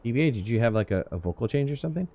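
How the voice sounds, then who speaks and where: A man's voice: mid-range voice, animated, racing, warm tone. A young man hosting a casual multiplayer game stream, joking and laughing often with his teammates. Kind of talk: casual gaming chat.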